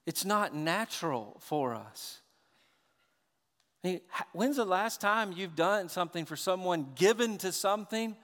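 High-voiced preaching man in a reverberant hall. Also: unhurried. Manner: animated preaching, swings from quiet to loud. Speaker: pastor. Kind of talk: sermon.

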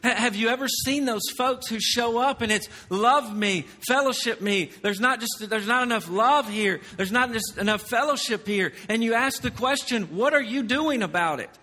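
A male pastor preaches in a high, bright voice that carries through a reverberant church hall. He swings between loud emphasis and quiet, confiding storytelling. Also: moderate pace, few pauses. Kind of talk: sermon.

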